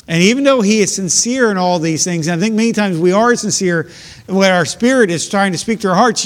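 A man delivers a sermon, moving between slow readings of old scripture and plain explanation. He speaks earnestly, repeating words as he builds each point. His voice sits a little high and carries a long hall reverb. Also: lively intonation. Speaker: preacher.

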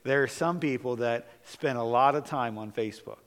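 A man preaching a sermon as pastor, rising to emphatic, slowed phrases. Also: medium pitch, a bit bright. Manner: preaching with emphatic rises and slow, stressed phrases. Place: church sanctuary. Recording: long hall reverb.

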